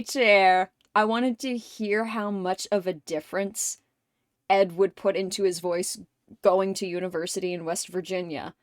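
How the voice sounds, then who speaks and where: A woman's voice: mid-range voice, no echo, studio quality. A woman streamer chatting casually with viewers, swearing freely, laughing often and rambling through anecdotes.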